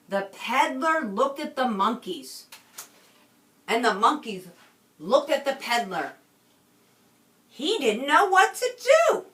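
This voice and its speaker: A woman teacher reading a picture book aloud to a class with expression, pausing often to ask the children questions, recorded in a roomy space from a distance. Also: a little high, pushed and bright.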